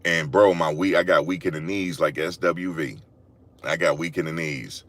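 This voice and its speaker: Animated storytelling man with a low voice. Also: moderate pace, dry recording. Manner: animated, slangy, repeats himself, laughs a lot. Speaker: vlogger. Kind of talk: storytelling monologue. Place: in a parked car. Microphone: phone.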